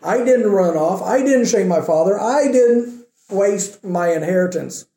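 A self-righteous young older brother lists his grievances with indignant resentment, as a preacher puts him on. The voice is mellow and sits fairly high. It rings in a roomy, echoing space. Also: animated, measured pace. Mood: smug. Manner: indignant, self-justifying complaints.

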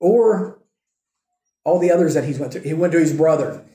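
A man's voice: a little high, moderate pace, warm tone, roomy sound. A male preacher telling a story in a conversational sermon, asking his listeners rhetorical questions.

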